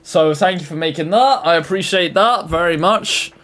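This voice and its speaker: A man's voice: fairly high pitch, moderate pace, a bit bright. A man reacting to fan-made clips in casual commentary, joking, exasperated and crude.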